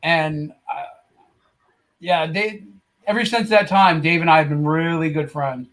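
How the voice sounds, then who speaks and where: Male guest, fairly high voice, rambling hesitant storyteller. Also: steady tone, a bit bright, poor audio. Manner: halting storyteller with many fillers. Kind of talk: casual chat.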